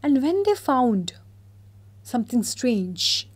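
A woman teacher with a slightly high voice reads a story aloud to her class. She stops after each passage to explain it in simple words. Her voice jumps up and gets louder whenever she quotes the characters. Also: takes it slowly. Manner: lively, pitch jumps up when quoting characters.

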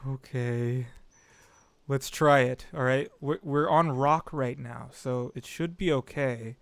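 A man's voice: mid-range voice, slow pace, gravelly, no room sound. A young man commentating his own climbing game on stream, talking to his chat and yelping when he falls. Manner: excitable, talks to chat, yelps when falling. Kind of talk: gameplay commentary.

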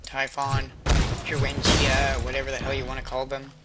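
Over game music, a gamer mutters sarcastic, profane remarks to themself in let's-play commentary. The medium-pitched voice is fairly quick and totally flat, with background noise in the recording.

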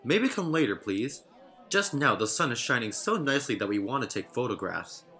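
A man's voice: animated, normal speed. A man voicing a pair of courteous adult male clergymen who speak politely. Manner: polite, genteel, high-voiced. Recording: narration over loud music.

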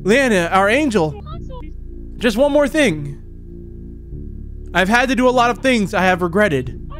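Man reading creepy doting mother from a horror game, high voice, faint music under. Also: big pitch swings, unhurried, fairly bright tone, heavily acted. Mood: tender, regretful. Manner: reads game dialogue aloud in plain voice. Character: eerie doting mannequin mother, female, middle-aged.

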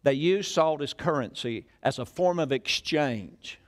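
Folksy preacher, lively high voice. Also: male voice, unhurried. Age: older. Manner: folksy, storytelling, rhetorical questions. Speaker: pastor. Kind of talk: sermon. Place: church.

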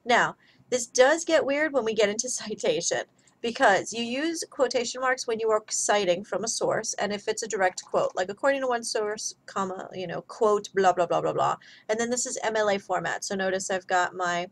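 A woman's voice: mid-range voice, lively intonation, normal speed, poor audio. A woman giving a recorded grammar lesson as a writing instructor, talking casually through examples. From United States.

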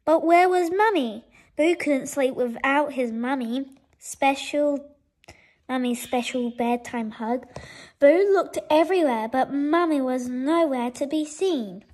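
High-voiced woman reading a kids bedtime story real slow, gentle and expressive. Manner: gentle and expressive, with small slips. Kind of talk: bedtime story read-aloud.

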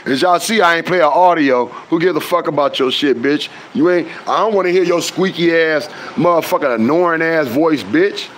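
A man's voice: a little high, moderate pace, few pauses, fairly bright tone, a little hiss or hum, low-quality recording. A man delivering a heated, confrontational rant as an online commentator. He swears constantly and often trails into fillers mid-sentence. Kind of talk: heated direct-to-camera rant.

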